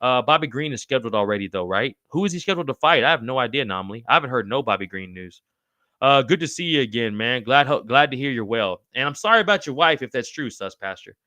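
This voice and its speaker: A man hosting a live podcast stream, reading chat and reacting in an excitable, loose way, swearing freely and calling everyone brother. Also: mid-range voice, fast, no room sound, highs cut off.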